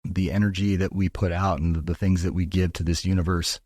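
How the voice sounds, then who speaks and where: A man's voice: deep voice, little pitch movement, fairly quick, darkish tone, dry recording, clean studio sound. A man from Texas, a podcast guest talking in an earnest, motivational way and swearing freely. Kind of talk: casual podcast talk.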